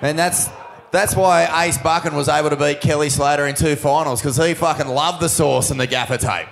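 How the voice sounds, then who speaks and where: A man's voice: on the high side, fairly even intonation, a little fast, creaky. A man hosting a live interview, asking his guest casual, leading questions. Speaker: host. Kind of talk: interviewing before a live audience.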